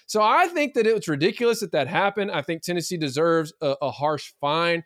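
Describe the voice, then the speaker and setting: Animated high-voiced man talking sports. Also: a little fast, dry recording, studio quality. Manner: animated, opinionated, many fillers and restarts. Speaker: podcast co-host. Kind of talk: casual sports talk.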